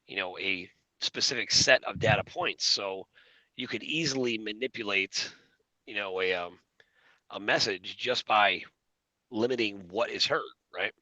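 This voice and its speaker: Low-ish guy with a really bright edgy voice, rambling on in a chill chat, lots of ums and you knows. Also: measured pace, no room sound, poor audio. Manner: rambling, many fillers and restarts. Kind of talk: casual conspiracy talk.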